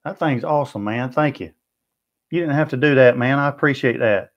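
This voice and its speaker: Speaking fairly quickly at a medium pitch, a man with a Southern US accent comes through in dull audio. He's a BBQ channel host on a livestream, chatting amiably and responding to viewers' comments individually.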